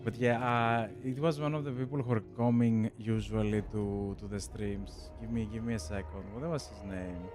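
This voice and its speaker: A man's voice: lowish voice, steady tone, moderate pace, few pauses, music in the background. A young man from Greece with a Greek accent, streaming a strategy game and chatting casually with viewers, laughing often. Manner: chatty, laughs often, addresses chat as "bro". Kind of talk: casual chat while gaming.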